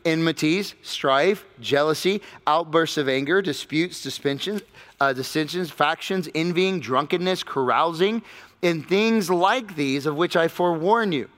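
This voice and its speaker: A man preaching a sermon as pastor, emphatic, swinging between loud stressed lines and quiet low ones. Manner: emphatic preaching with sudden swings in pitch and loudness. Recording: long hall reverb.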